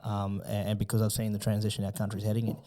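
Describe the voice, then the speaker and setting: A man's voice: fairly low pitch, completely flat delivery, fast, mellow. An outspoken man talking as a podcast guest, blunt and swearing freely in casual conversation. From Australia.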